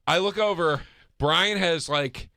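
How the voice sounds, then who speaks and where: Man, podcast host, bright and laughing, spins loose anecdotes. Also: on the high side, slow pace, dry recording, studio quality. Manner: animated, laughing, swearing. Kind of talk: casual storytelling chat.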